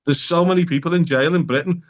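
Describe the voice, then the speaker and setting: Blunt man, slightly high voice. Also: quick pace. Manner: frank and blunt, swears freely, uses local slang. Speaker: psychotherapist guest. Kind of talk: casual podcast conversation.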